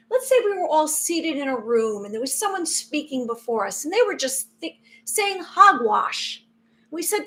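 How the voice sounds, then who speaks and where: A woman's voice: sits high, a bit bright. A woman hosting a spiritual live stream, talking in an earnest, rambling way with many restarts. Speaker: spiritual livestream host. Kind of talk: casual live-stream talk.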